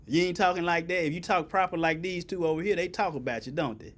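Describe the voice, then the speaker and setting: A man's voice: fairly high pitch, fast, few pauses, a bit bright. A man preaching a sermon in folksy vernacular, asking the congregation for answers and building to emphatic peaks.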